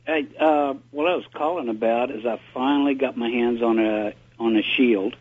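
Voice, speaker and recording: A man calls in to a radio show with an easygoing, chatty manner. His voice is husky. It comes through a thin, tinny phone line. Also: medium pitch, moderate pace. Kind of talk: casual phone-in chat. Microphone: telephone.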